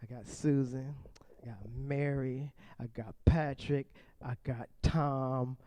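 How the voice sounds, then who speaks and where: A man's voice: mid-range voice, fairly even intonation, slow, mellow, no echo. A man doing stand-up comedy and playful crowd work for a seniors group, chatting with the audience and laughing often.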